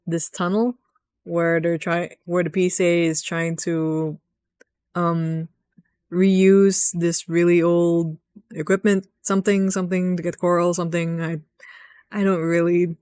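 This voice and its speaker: A woman's voice: fairly low pitch, flat delivery, a little slow, darkish tone, clean tone, dry recording. A woman casually recapping a video game's story, chatty and rambling, who acts out the lines she quotes. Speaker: gaming video host.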